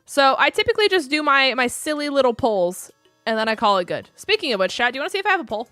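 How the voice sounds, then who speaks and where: A young woman streamer talks casually to her audience, rambling along with plenty of ums and likes. Her voice is bright and a little high. The sound is dry and close, with faint music underneath. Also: big pitch swings, fast, no room sound. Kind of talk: casual live-stream chat.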